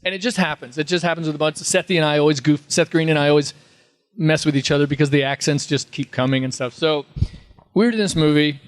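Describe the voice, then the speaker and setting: A man's voice: on the high side, fairly even intonation, quick pace. A man telling rambling, funny anecdotes in a casual Q&A at a fan convention. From Texas. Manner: rambling storyteller, slips into impressions and laughs. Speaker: convention panel guest.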